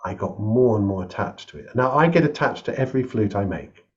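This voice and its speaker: A man, a composer and flute maker, telling a story in a casual chat over a video call, animated and laughing often as he acts out the people in it. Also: fairly low pitch, a little fast. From England. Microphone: webcam on a video call. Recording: slightly dull lo-fi call audio.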